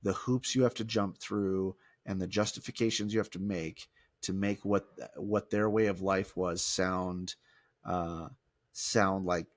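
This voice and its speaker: A man, a former pastor, talking in a casual podcast conversation, animated and quick to restart his sentences. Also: deep voice, dry recording. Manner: animated, restarts often, mimics people in quotes.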